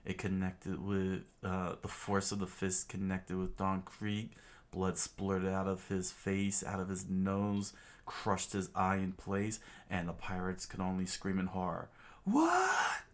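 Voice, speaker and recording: Deep-voiced man reading a comic aloud. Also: monotone, a little slow. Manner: loose, with fillers and restarts. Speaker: reader.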